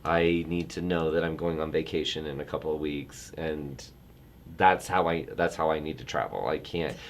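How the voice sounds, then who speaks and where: Deep-voiced rambling middle-aged man. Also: moderate pace, a little hiss or hum. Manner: rambling, self-interrupting storyteller who gets animated. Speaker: travel industry guest. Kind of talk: casual chat.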